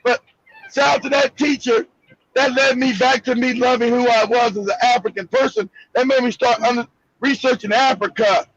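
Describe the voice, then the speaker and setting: An American man hosting a live discussion, telling a story with passion. He is emphatic and profane, often shouts, and laughs through his stories over a video call. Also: extremely high pitch, steady tone, normal speed, no echo, muffled recording. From United States. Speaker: show host.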